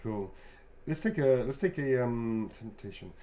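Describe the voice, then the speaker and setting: A man's voice: medium pitch, animated, measured pace, warm tone. A man who is an actor, chatting and joking as he signs autographs and reads out fan messages. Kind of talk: casual chat during a live signing.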